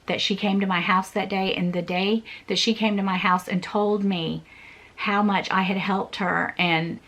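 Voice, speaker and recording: A woman's voice: mid-range voice, steady tone, normal speed, fairly bright tone. A woman in her forties, a vlogger telling a personal story in an earnest, repetitive way with small laughs.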